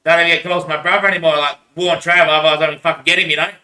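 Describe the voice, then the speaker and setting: Australian man, casual rambling monologue, bright tense voice, echoey room, distant from mic. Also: a little high, fairly even intonation, rapid-fire. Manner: rambling, swears a lot, laughs between phrases.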